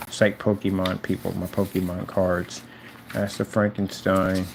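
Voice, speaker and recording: A man's voice: sits low, little pitch movement, normal speed, creaky, background noise. A man in a mocking, confrontational rant aimed at someone who isn't there, repeating his jabs over and over. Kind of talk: taunting rant addressed to someone absent.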